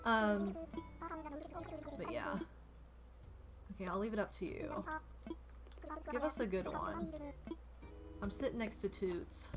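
A woman's voice: mid-range voice, expressive, takes it slowly, long pauses. A woman streamer chatting casually while she plays, rambling with lots of "like" and gushing thanks to donors. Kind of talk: casual gameplay chat. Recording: music playing behind.

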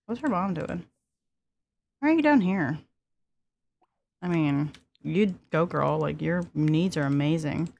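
A woman's voice: low-pitched, animated, takes it slowly, gravelly, pauses often, a little mellow, a little hiss or hum. A woman in her twenties hosting a casual gameplay commentary, chatty and giggly, talking to her characters as she plays. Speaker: let's play host.

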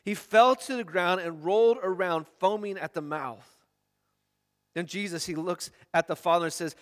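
A man's voice: high-pitched, moderate pace, long reverb tail. A man preaching a sermon, reading scripture aloud in an earnest way with frequent restarts. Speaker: pastor. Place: church.

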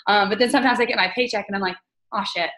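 Young adult woman, team leader, casual group call, candid personal story, chatty with fillers, mid-range pitch. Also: steady tone, very fast, fairly bright tone, poor audio.

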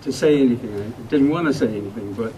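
An older man giving a heartfelt tribute to an old friend, halting and restarting often. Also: mid-range voice. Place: memorial gathering room. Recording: distant mic with steady noise.

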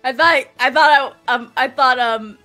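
A woman's voice: high-pitched, measured pace, pushed and bright, soft background music. A woman playing on a gaming stream, giggling a lot and playfully flustered as she chats. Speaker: co-player on stream. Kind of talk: casual gaming stream chat.

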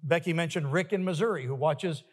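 Man, pastor, sermon, emphatic, high-pitched, reverberant sanctuary. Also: fairly quick, husky. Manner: emphatic, rising to forceful peaks with repeated refrains. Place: church sanctuary.

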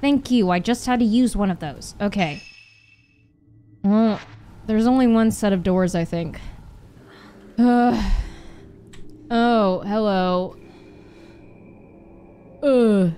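A young woman streamer doing let's play commentary in a horror game, swearing and yelling at enemies. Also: mid-range voice, slow pace, long pauses, clean tone. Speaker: gaming streamer.

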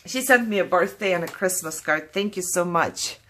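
A woman's voice: fairly low pitch, moderate pace, bright, forceful tone. A woman from Germany, talking candidly and apologetically while opening mail, fighting back tears. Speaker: craft vlogger opening mail.

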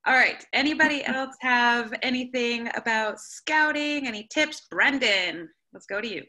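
Bright upbeat woman moderating a video call. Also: a little high, measured pace. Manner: upbeat, laughs easily. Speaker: webinar moderator. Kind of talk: casual panel talk on a video call.

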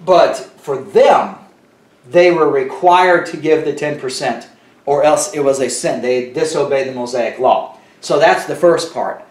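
A man's voice: mid-range voice, a little slow, darkish tone, reverberant, far from the mic. A man teaching verse by verse in a loose, conversational way, full of fillers and asides. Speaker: Bible teacher. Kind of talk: casual Bible teaching.

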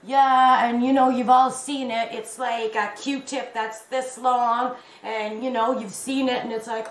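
A woman chatting casually to her viewers, telling a story in an animated way and laughing at herself. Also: a little high, measured pace, hardly any pauses. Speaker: crochet vlogger. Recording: echoey room with faint background noise.

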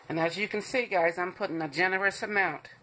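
A woman's voice: lowish voice, fairly quick, bright, forceful tone, slight background noise. A woman hosting a home cooking show, walking viewers through a recipe in a chatty, reassuring way and calling them "guys".

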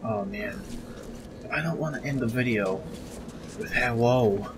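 A man's voice: medium pitch, unhurried. Male let's-play commentator, casual and jokey, easily spooked, noisy background hum. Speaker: gameplay commentator.

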